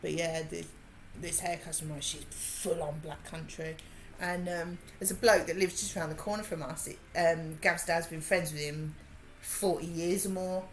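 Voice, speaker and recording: A woman's voice: fairly low pitch, steady tone, normal speed, a little hiss or hum. A woman with a Birmingham accent, chatting casually and laughing while she works on a craft during a livestream. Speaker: livestream host.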